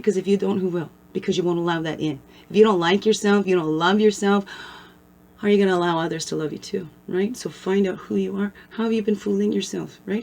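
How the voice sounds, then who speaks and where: A woman hosting her own channel, giving a casual motivational talk to camera as a spiritual guide, conversational and blunt, often checking in with "right?". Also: mid-range voice. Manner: conversational, keeps asking "right?" for agreement; blunt and earthy, mixes swearing with spiritual talk.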